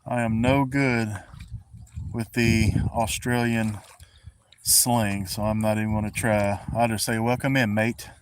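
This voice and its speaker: A man's voice: on the low side, flat delivery, a little slow, a little hiss or hum. Folksy Southern man chatting outdoors. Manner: folksy, laid-back, chuckles often. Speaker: fishing livestream host. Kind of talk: casual live-stream chat. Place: outdoors by a pond.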